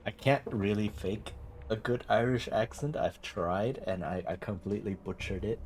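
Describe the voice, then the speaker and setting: A man's voice: fairly low pitch, fairly even intonation, moderate pace, a little mellow, a little hiss or hum. A man streaming a game, chatting casually and thinking aloud in a rambling way.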